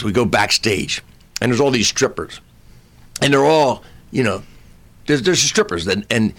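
A man in his sixties, a comedian, telling a comic anecdote in an animated way. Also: mid-range voice. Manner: animated storyteller, acting out voices. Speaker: comedian guest.

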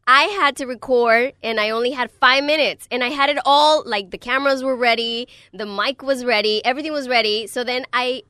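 A woman's voice: a little high, a little fast, few pauses, bright, forceful tone, clean tone, no echo, studio quality. A woman in casual podcast chat, defending herself and laughing things off. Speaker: podcast co-host.

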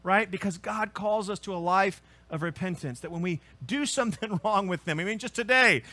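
Bright-voiced, high-pitched preaching pastor. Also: male voice, brisk, few pauses, no echo. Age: adult with children. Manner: earnest preaching, rising to emphatic peaks then dropping low. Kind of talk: sermon.

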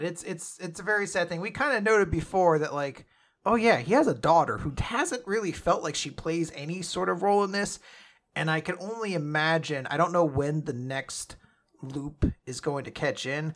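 A man's voice: fairly high pitch, normal speed, fairly bright tone. A man co-hosting a podcast, chatting casually and earnestly about a manga chapter, often laughing. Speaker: podcast co-host.

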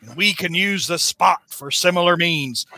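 A man recapping a comic on a podcast with a steady stream of mockery. His voice sits high and sounds very bright and tense. The recording is close and dry. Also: normal speed, no room sound. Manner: sarcastic, mocking. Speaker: podcast host. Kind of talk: comedic comic-book recap.

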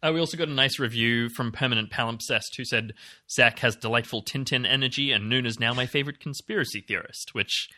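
A man's voice: mid-range voice, a little fast, pushed and bright. A man co-hosting a podcast, rambling in casual chat with lots of fillers and the odd swear word. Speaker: podcast co-host.

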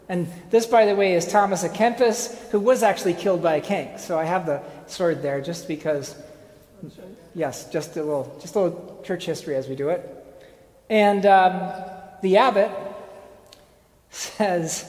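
A lecturer talks through an informal presentation in a relaxed, conversational way, with dry asides, halting restarts and plenty of fillers. The voice sits at an ordinary middle pitch. It rings around a large hall with a long, roomy reverb. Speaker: speaker giving a presentation. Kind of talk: informal lecture with slides and a told parable.

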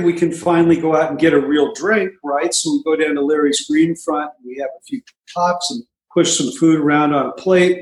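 Wry, slightly high-voiced man in an echoey room. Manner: wry, self-mocking humor with frequent asides. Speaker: guest sharing his recovery story. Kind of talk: casual storytelling.

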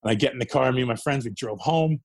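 A former wrestler, appearing as a guest in a casual interview, tells wrestling stories while cursing freely and laughing along the way. He talks at medium pitch and a racing pace, with no room sound.

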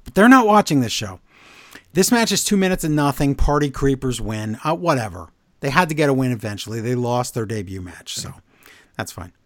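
A man's voice: medium pitch, big pitch swings, brisk, a bit bright, dry recording, clean studio sound. A man co-hosting a podcast, recapping wrestling in casual chat with sarcastic, exasperated asides. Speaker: podcast co-host.

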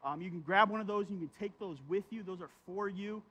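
High-voiced pastor preaching, full of "right?". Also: male voice, fast talker, fairly bright tone, slightly rough, lo-fi sound. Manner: conversational, keeps asking "right?"; reads scripture aloud with feeling. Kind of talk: sermon.

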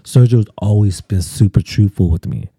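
A man with a very dark, husky voice tells a personal story as a podcast guest. He talks casually and animatedly, slipping into other people's voices. The recording is very dry and close. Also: fairly low pitch, moderate pace, no room sound. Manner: animated, acts out quotes, many fillers.

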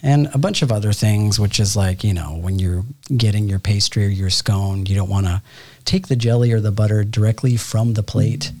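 A man's voice: fairly low pitch, steady tone, moderate pace, darkish tone. A man co-hosting a podcast in loose, rambling casual chat, swearing now and then. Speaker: podcast co-host.

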